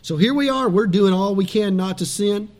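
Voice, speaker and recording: A man preaching a sermon as pastor, animated and dramatic, dropping suddenly soft for emphasis. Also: sits high, normal speed.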